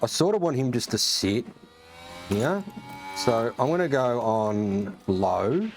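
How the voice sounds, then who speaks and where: An Australian man gives casual, excitable commentary over his racing game, swearing freely and calling everyone mate. His pitch sits in an average range. Game music and engine sounds play clearly behind him. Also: takes it slowly. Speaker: gaming streamer.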